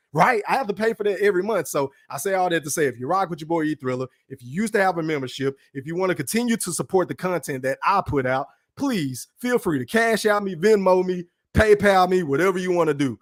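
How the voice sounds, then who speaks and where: A man's voice: high-pitched, no room sound, studio quality. A man hosting his own podcast livestream, talking in a blunt, profane casual rant from his room and tagging his points with "right?". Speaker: podcast host.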